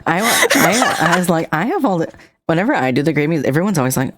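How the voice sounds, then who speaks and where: A woman hosting a livestream, chatting casually with an excitable, bubbly manner and casual swearing. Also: sits low, fast talker, a little hiss or hum. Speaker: streamer host. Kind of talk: casual streamer chat.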